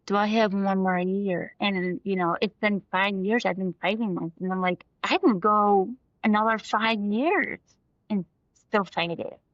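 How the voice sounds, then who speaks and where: A woman's voice: medium pitch, a little slow, no echo. A woman in her thirties, an interview guest, talking with emotion and many fillers and restarts. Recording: dull, lo-fi dry recording.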